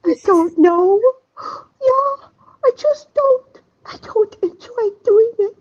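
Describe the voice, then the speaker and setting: A woman's voice: extremely high pitch, lively intonation, slow, darkish tone, heavily acted. A woman doing a sobbing man-baby. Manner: sobbing, wailing. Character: crying whiny man-baby. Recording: dull lo-fi audio.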